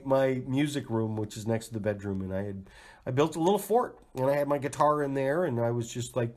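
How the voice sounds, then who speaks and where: Middle-aged guy rambling casually about health, laughs a lot, mid pitch, chatty and loose. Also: brisk, darkish tone. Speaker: host of a health advice show.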